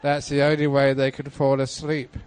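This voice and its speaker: A man, a Buddhist monk, giving a dharma talk at a retreat, telling stories with lots of changes in pitch and pace and laughing often. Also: monotone, moderate pace, a little mellow, smooth. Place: temple hall, live talk.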